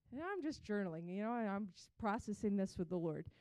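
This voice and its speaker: A woman's voice: medium pitch, big pitch swings, a little fast, few pauses, dark tone, no echo, poor audio. A woman sharing a candid personal testimony, telling her story with frequent restarts and acting out the quotes.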